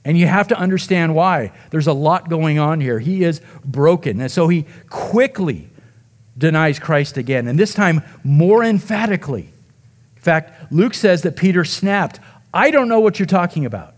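A man preaching a sermon as pastor, retelling the story dramatically, acting out the quoted voices and dropping to a near hush at emotional moments. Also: a little high.

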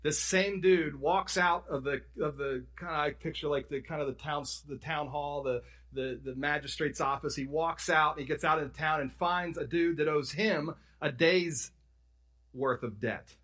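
A man delivering a sermon with a husky, breathy edge to his voice that sits a little higher than most men's. He preaches conversationally, restarting sentences and correcting himself, and he leans into the stories with emphasis. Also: normal speed, fairly bright tone. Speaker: pastor.

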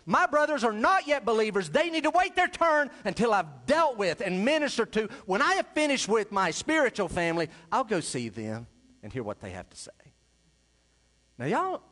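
A male pastor preaching a sermon, swinging between loud emphasis and quiet asides. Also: high-pitched, very animated, moderate pace.

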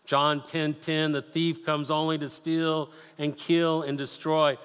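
A man's voice: fairly high pitch, flat delivery, slow, a bit bright, clear, resonant tone. A man preaching a sermon as pastor, reading scripture aloud and explaining it with rhetorical questions and casual asides. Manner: casual asides and playful impressions. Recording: long hall reverb.

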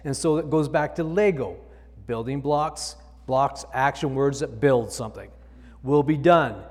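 A man's voice: medium pitch, unhurried, big-room sound. A male pastor preaching a sermon, reading scripture aloud and explaining it with emphatic repetition.

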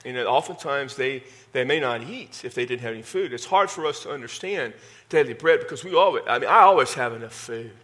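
A man's voice: mid-range voice, animated, brisk, fairly bright tone. A middle-aged man with a Texas accent, a pastor preaching a conversational sermon with self-deprecating humor. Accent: Texan.

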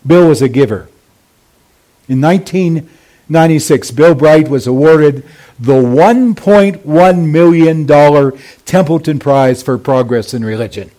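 A man as pastor, preaching a sermon slowly and deliberately with emphatic pauses. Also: on the high side, dark tone.

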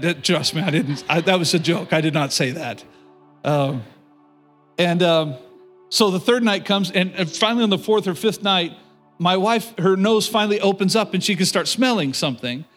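Animated middle-aged male preacher. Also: on the high side. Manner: animated storytelling, addresses the congregation directly. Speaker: pastor. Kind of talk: sermon with personal story.

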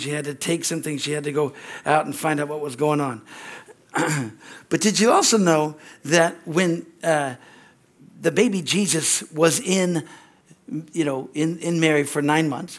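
Higher-voiced male pastor preaching. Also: normal speed. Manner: reads scripture with rising emphasis, then chats loosely with asides. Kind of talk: sermon. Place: church service.

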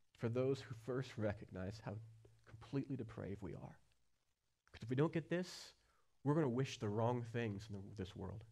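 A man preaching a sermon as pastor, earnest, with questions put straight to the listeners and swings from quiet low passages to loud high-pitched stretches. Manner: asks the listeners direct questions.

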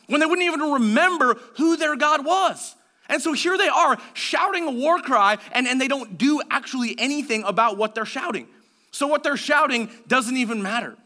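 Animated high-voiced male pastor preaching. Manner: animated, acts out the people in the story in quick voices; drops to a low, quiet voice for asides. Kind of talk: sermon.

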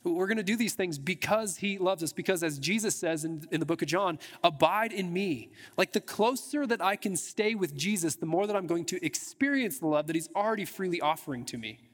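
A man with a high voice preaching a sermon in a casual, conversational way. He restarts his phrases often and sprinkles in filler words as he talks to the congregation. His voice rings with the long reverb of a church hall. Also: lively intonation, fairly quick, hardly any pauses. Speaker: pastor. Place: church sanctuary.

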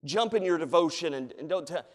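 A high-pitched man in his thirties delivers a sermon from a church pulpit, driving his points home with emphatic repetition and dropping into casual, laughing asides. His voice rings out with the long reverb of a large church sanctuary. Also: expressive, brisk. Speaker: preacher.

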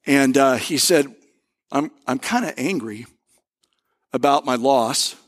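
A male pastor giving a conversational sermon, telling stories and slowing down to stress key words. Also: mid-range voice, fairly bright tone. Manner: conversational preaching with storytelling and emphatic pauses.

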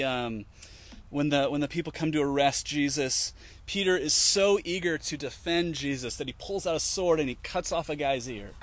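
A man's voice: medium pitch, a little hiss or hum. Man telling a story in casual teaching. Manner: conversational, frequent fillers and restarts; retells scenes in lively quoted voices. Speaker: Christian teacher. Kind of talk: informal teaching talk.

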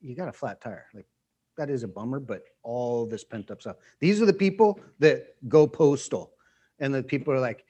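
A man's voice: mid-range voice, animated, normal speed, mellow, breathy edge. A man preaching a conversational sermon to a small group, repeating phrases and acting out quoted voices. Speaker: pastor.

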